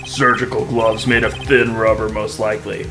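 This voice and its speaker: A man's voice: fairly low pitch, little pitch movement, normal speed, music in the background, natural voice. A man reading as a smug, cold prosecutor. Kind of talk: reading game dialogue aloud.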